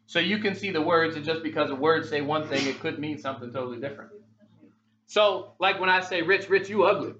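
A man's voice: a little high, brisk, sharp tone, dull audio, a little hiss or hum. A man preaching a sermon in a conversational way, asking many rhetorical questions of his congregation.

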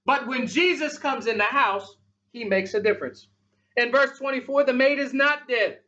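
A male pastor preaching a sermon in an emphatic, repetitive style, swinging between loud and soft. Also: extremely high pitch, normal speed, muffled recording.

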